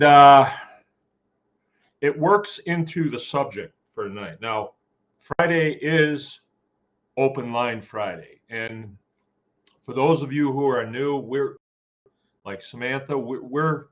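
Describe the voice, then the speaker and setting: A man's voice: mid-range voice, a bit bright, dull audio. A man hosting a casual farming live chat from his farm, folksy and rambling as he greets viewers by name. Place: home farm.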